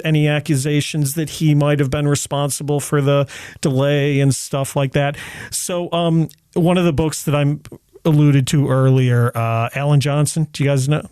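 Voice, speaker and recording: A man speaks as a guest historian in a relaxed podcast chat indoors. He talks thoughtfully, hedges his points and fills pauses with "you know." The sound is dry, with little room tone. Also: on the high side, smooth, no room sound. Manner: thoughtful, hedging, many "you know" fillers. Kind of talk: casual podcast discussion. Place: indoor room with others present.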